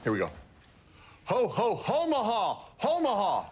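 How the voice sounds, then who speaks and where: A man's voice: high voice, huge pitch swings, measured pace, exaggerated voice. An actor playing a playful, showy man who tries out a Santa laugh at an audition.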